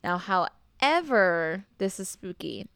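A woman's voice: lowish voice, big pitch swings, slow pace, a bit bright, clear, resonant tone, no room sound. A young woman hosting a casual podcast, telling a spooky history story in a chatty way, swearing freely and laughing as she goes. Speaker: podcast host.

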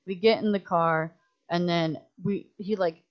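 Woman director as podcast guest, low-ish voice, animated and swearing, dull lo-fi sound. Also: a little slow. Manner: animated, profane, full of "like" fillers, acts out others' lines. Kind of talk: casual storytelling in a podcast chat. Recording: muffled lo-fi audio.

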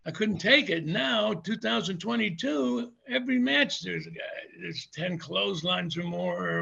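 An older man, a former wrestler, telling rambling, animated stories in a casual interview. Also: high-pitched, creaky, breathy edge, dull audio. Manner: rambling, animated anecdotes with laughs.

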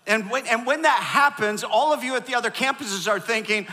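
A man's voice: very high-pitched, expressive, quick pace, hardly any pauses, bright, forceful tone, in a large hall. A man preaching a sermon as a pastor, cracking jokes and calling on the congregation to repeat lines after him. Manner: joking, calls for audience responses. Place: large church auditorium.

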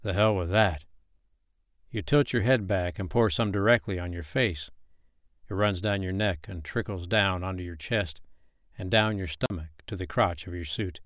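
A man narrates a second-person story in a low, even voice. His telling is matter-of-fact and unhurried. The sound is close and dry, with no room echo.

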